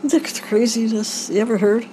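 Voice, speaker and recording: A woman's voice: fairly high pitch, steady tone, normal speed, warm tone, a little hiss or hum, poor audio. An older woman recalling her family's past in a rambling way, with frequent stops and restarts. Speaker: interviewee. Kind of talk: family oral history recollection.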